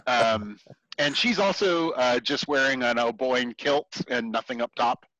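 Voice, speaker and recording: Man narrating a tabletop game, halting. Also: mid-range voice, fairly bright tone, dry recording, muffled recording. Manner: halting, full of ums and restarts. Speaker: game master.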